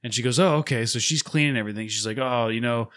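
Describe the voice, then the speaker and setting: Bright-voiced man telling a rambling story. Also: medium pitch, quick pace. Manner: rambling profane storytelling, acts out others' lines. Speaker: podcast co-host. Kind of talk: casual chat.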